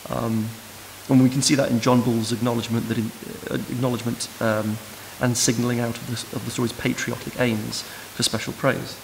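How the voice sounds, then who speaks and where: A man giving an academic lecture in a measured, thoughtful way, recorded in a lecture room. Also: mid-range voice, little pitch movement, gravelly. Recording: noisy hiss in a reverberant hall.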